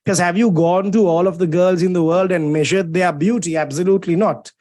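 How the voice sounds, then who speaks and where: A man's voice: high voice, fairly even intonation, fairly quick, a little mellow. A young man with a Sri Lankan English accent teaching English literature in an online lecture. He teases students playfully and answers his own questions. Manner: playful, teasing, asks questions and answers them himself. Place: home or classroom, streamed over a video call. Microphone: video call microphone.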